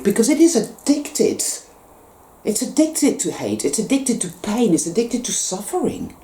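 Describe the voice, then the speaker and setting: A spiritual vlogger delivers an impassioned monologue in a roomy, echoing space, her mid-range voice warm and swinging hugely in pitch at normal speed. She is intense and emphatic, swearing freely and repeating phrases for force.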